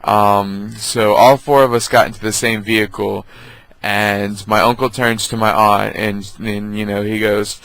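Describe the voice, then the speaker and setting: A man vlogger telling funny family stories in a casual, halting way, with many ums. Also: on the low side, level tone, a bit bright, no room sound, low-quality recording. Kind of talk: casual storytelling.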